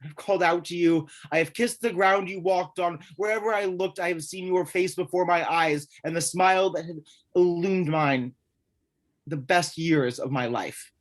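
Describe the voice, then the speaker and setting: A man's voice: high-pitched, normal speed, close to an everyday voice. A man reading Konstantin, a despairing young writer. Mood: anguished. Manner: pleading, intense, brooding. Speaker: reader in a live streamed play reading. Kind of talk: dramatic stage reading.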